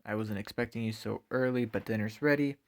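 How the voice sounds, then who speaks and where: A man's voice: on the low side, fairly even intonation, a little fast, lightly acted. Weary, dutiful housewife, as a man reads her lines, sweet on the surface. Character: weary, unhappy young housewife.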